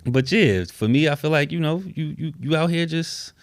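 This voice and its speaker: A man's voice: normal speed, no echo. A young adult man, hosting a casual podcast chat and acting out quotes with big swings in voice. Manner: animated storyteller, acts out quotes with big pitch swings. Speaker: podcast host.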